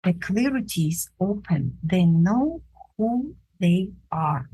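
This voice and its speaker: A woman art instructor giving a drawing demonstration, pausing often to search for words and thinking aloud as she works. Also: fairly low pitch, expressive, dark tone, slight background noise, rough recording.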